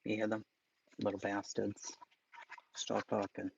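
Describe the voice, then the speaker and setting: A man's voice: lowish voice, completely flat delivery, unhurried, vocal fry, breathy edge, muffled recording. A man hosting a casual livestream, reading chat aloud with profane, sarcastic asides and mutters. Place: home, dogs barking nearby.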